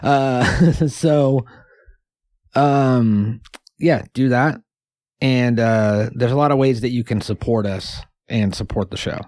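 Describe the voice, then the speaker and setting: Dude cohosting a comedy podcast, deadpan rambly jokes, dry close mic. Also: male voice, medium pitch, slow pace, no echo. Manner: deadpan joking, rambling with fillers. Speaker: podcast co-host. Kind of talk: casual comedy chat.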